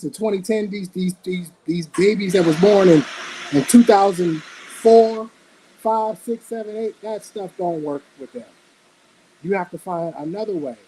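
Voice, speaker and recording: A man's voice: high voice, mellow, a little hiss or hum, rough recording. A man in his forties giving blunt, emphatic opinions as a panelist in a casual podcast debate.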